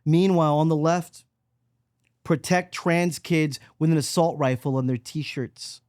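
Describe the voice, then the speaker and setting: A man hosting a solo podcast monologue, preachy and emphatic, swinging between loud mockery and low, quiet intensity. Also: unhurried, smooth, dry recording, studio quality. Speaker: podcast host.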